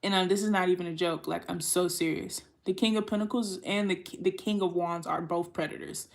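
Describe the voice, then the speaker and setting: A woman's voice: lowish voice, steady tone, a little fast, vocal fry. A woman giving a casual tarot reading in a blunt, rambling way, swearing freely. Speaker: tarot reader.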